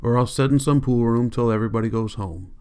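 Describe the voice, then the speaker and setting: A man voicing a grim, weary ranch worker loyal to his friend, speaking in a low, quiet rural drawl. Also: fast, smooth, lightly acted. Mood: resigned.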